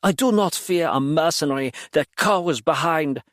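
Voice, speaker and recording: Man doing a snarling demon brute, shouting high, dry close sound. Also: moderate pace, no echo, close to an everyday voice. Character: snarling arrogant male demon fighter.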